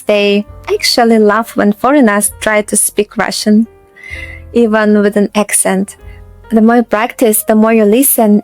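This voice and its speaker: A woman with a fairly high voice teaches a language lesson to camera. She explains clearly and patiently and slows down to model example phrases. Her voice sounds dry and close, with soft music playing underneath. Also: no room sound.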